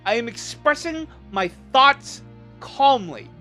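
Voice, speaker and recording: A streamer venting to a livestream chat, impassioned and exasperated, trying to stay measured while upset. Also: high voice, big pitch swings, bright, forceful tone, soft background music.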